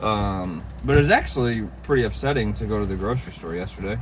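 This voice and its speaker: A man's voice: fairly low pitch, quick pace, slight background noise, rough recording. A man vlogging in a casual chat, rambling with lots of fillers and the odd swear word.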